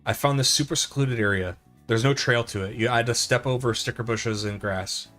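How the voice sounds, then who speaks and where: A man's voice: medium pitch, brisk, a bit bright, faint music behind. Rambling middle-aged male streamer. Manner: rambling, self-deprecating storytelling with lots of fillers. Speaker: live streamer. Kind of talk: casual live-stream chat over gameplay.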